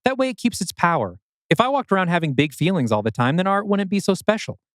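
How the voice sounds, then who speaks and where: A wry, unsentimental old artist, as a man puts him on in an audio drama, airy and theatrical. His pitch climbs and swoops in a lively way. The sound is close and dry. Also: fast, dry recording.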